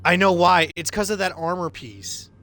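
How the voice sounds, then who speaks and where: A man streaming a game live, commenting excitedly and swearing often. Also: high voice, moderate pace. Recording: noisy stream audio.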